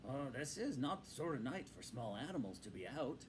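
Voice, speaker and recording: Badger: a man voicing a gruff kindly old badger. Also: medium pitch, big pitch swings, moderate pace, slight background noise, lightly acted. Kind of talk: storybook read-aloud.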